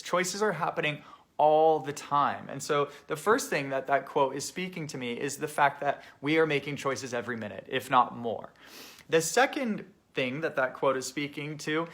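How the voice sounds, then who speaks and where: A man with a slightly higher pitched voice talks straight to his viewers as a life coach. His delivery is earnest and reflective, and he moves through his points in a calm, motivational way. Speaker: life coach and show host. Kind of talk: casual direct-to-camera live talk.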